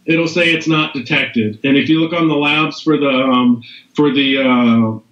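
This podcast guest, a middle-aged CBD business owner, has a mid-range, slightly bright voice and a measured pace. He rambles casually, restarting often and leaning on fillers. The recording sounds echoey and dull, like a lo-fi room.

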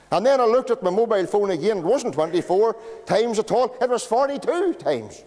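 A Northern Irish pastor preaching a sermon, telling homely stories in a lively way. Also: male voice, high-pitched, brisk, few pauses. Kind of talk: storytelling sermon. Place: church. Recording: long church reverb.

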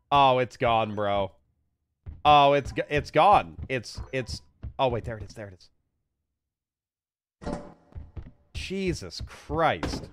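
A man streaming a game, commenting live and swearing, swinging from low mutters to loud shouts. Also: animated, slow, long pauses, soft background music.

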